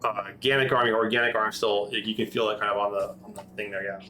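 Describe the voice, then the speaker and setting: A man's voice: lowish voice, level tone, fast talker, sharp tone, rough recording. Rambling man running a tabletop game. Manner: rambling, many restarts and fillers. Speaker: game master.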